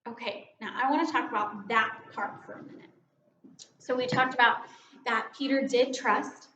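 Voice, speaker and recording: Woman, devotional talk, earnest, conversational, slightly high voice, echoey room. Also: fairly even intonation, normal speed, pushed and bright, lo-fi sound, a little hiss or hum. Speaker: children's ministry director giving a devotion.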